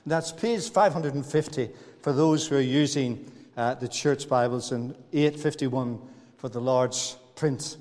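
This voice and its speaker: A man's voice: medium pitch, unhurried, a little mellow. A man preaching a sermon in a church, talking to the congregation in a folksy, good-humored way. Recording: church hall reverb.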